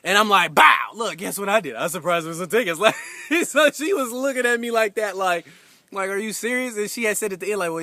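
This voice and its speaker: A young man giving a heartfelt anniversary message to his wife, telling a story casually with lots of fillers and animated retellings. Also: high-pitched, no room sound.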